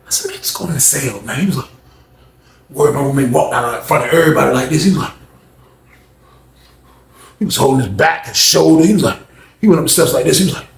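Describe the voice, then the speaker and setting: A man animatedly telling a story, acting out other people's voices in loud, high bursts. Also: quick pace, vocal fry, long pauses. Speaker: storyteller recounting jail events. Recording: echoey room with faint background noise.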